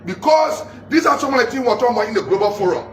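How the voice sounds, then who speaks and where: A man in an angry political rant, accusing and repeating himself, shouting at times. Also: very high voice, animated, very fast, slight background noise. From Liberia. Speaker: political commentator. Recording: echoey, distant mic with faint ambience.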